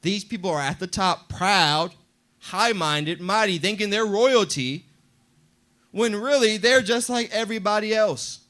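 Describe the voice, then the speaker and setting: A high-voiced man preaching at a Bible class. His delivery is animated and full of emphasis, and he slips into little acted voices to drive his points home. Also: measured pace. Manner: animated, acts out voices in quotes.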